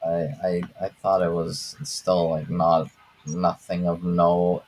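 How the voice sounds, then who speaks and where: A man with a very low voice talks slowly on a casual watch-along podcast. He stops and restarts often, filling gaps with fillers. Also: completely flat delivery, a little mellow, rough recording. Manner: hesitant, many fillers and restarts. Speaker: podcast co-host.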